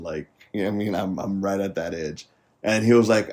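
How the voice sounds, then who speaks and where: A man's voice: deep voice, fairly even intonation, normal speed, darkish tone. Laid-back man telling a story, slangy. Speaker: podcast co-host. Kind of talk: casual chat.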